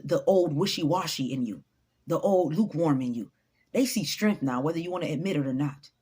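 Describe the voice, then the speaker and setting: A woman's voice: low-pitched, darkish tone, slightly rough. A woman giving an unscripted motivational talk to her followers, blunt, profane and preachy. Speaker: motivational vlogger.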